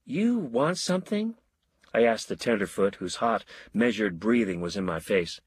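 A man narrating a story in an expressive audiobook style, voicing all the characters. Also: on the low side, moderate pace, slightly rough, no room sound.

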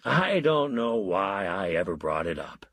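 A man voicing a gruff state trooper who blusters, then goes lazy and friendly. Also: deep voice, sing-song, unhurried, a bit bright, no room sound, exaggerated voice.

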